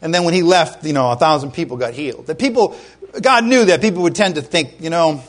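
A middle-aged man from Rhode Island delivers a sermon in a high, lively voice. He preaches conversationally, telling stories and checking in with the congregation. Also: fast talker. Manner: conversational, animated storytelling with asides to the congregation. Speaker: pastor.

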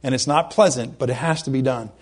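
A man preaching a sermon, fervent and emphatic, who slows down to read scripture and stumbles over his words when worked up. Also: mid-range voice, slightly rough.

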